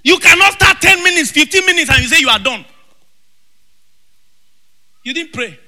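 A man preaching a fervent sermon, shouting in bursts and breaking into tongues. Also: very high voice, lively intonation, moderate pace. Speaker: pastor. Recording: long reverb with faint music.

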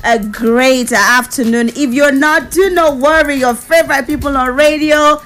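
A Nigerian woman hosting a radio show with lively, teasing banter, in a radio studio. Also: high voice, a little slow, faint music behind. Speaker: radio host.

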